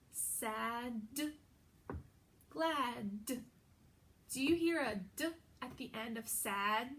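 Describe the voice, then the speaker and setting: Slow sing-song female preschool teacher. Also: sits high, pushed and bright. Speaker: pre-K teacher. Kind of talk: video lesson for young children.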